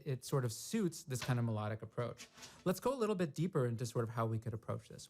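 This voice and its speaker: A man's voice: medium pitch, darkish tone. Man teaching snare drum technique. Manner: thoughtful, explains step by step, vocalizes rhythms. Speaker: percussion teacher. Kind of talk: instructional demonstration.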